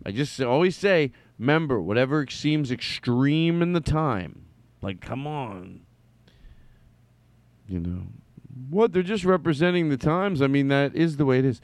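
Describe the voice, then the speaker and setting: A man's voice: medium pitch, expressive, unhurried, no echo. A man hosting a casual solo podcast, rambling and blunt, with casual swearing. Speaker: podcast host.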